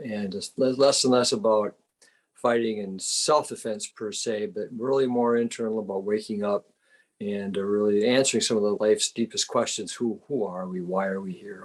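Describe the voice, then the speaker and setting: An older man with an Upper Midwest accent, from Wisconsin, speaking as a calm, reflective, good-humored interview guest. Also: fairly low pitch, normal speed. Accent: Upper Midwest American. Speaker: guest, retired psychotherapist and martial artist. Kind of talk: casual interview chat.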